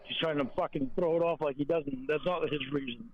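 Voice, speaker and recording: A jealous, possessive man snarls and swears through a call, played by an actor. The line is dull and muffled like a phone, and his voice sits somewhat high for a man. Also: fairly even intonation, brisk, slight background noise, lightly acted. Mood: resentful. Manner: bitter, sneering and profane.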